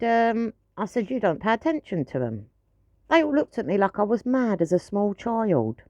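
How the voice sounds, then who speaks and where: A woman's voice: mid-range voice, no echo, lo-fi sound. A woman ranting to camera in a blunt, frustrated way, swearing freely. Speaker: pet owner vlogger.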